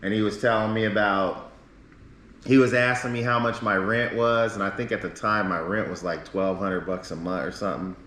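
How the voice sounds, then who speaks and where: A man's voice: lowish voice, steady tone, moderate pace, fairly bright tone. A man streaming live, telling a long rambling story in casual talk full of swearing. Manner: rambling, profane, acts out quoted people. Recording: roomy echo.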